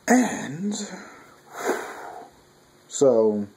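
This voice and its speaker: A man with a husky, slightly rough voice riffs through a casual manga review. His pitch swings around in a lively, animated way, and he talks a bit loud, swearing freely and restarting his sentences as he goes. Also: very slow. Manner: rambling, profane, self-interrupting. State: talking loud with a clogged ear.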